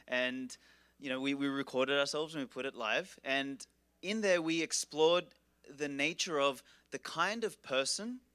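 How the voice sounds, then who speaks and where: Bright, irreverent man joking on stage. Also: mid-range voice, smooth, no echo. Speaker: conference speaker introducing a keynote. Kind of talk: casual stage introduction. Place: conference stage.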